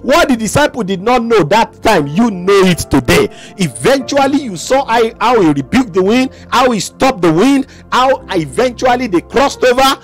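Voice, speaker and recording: A man preaching in a sing-song, impassioned style and leading shouted prayer chants. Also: extremely high pitch, sing-song, normal speed, hardly any pauses, faint music behind.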